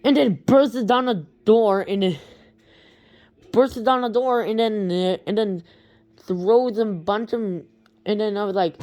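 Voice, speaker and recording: Slow, halting woman telling a story. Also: mid-range voice, warm tone, no echo. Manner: halting, with many restarts and repeated words. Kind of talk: casual rambling story retelling.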